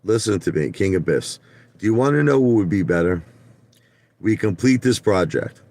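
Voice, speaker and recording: A man's voice: on the low side, expressive, moderate pace, darkish tone, dry recording. A man hosting a live stream, talking bluntly to his viewers and often stumbling and repeating himself. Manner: blunt, repetitive, stumbles and restarts; talks straight to chat viewers by name. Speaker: livestream host. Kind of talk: ranting live stream talk.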